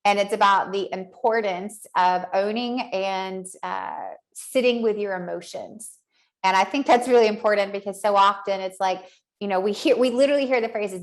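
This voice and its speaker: A woman's voice: medium pitch, a little fast. A woman hosting a podcast, recapping an interview in an upbeat, encouraging, chatty way. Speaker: podcast host.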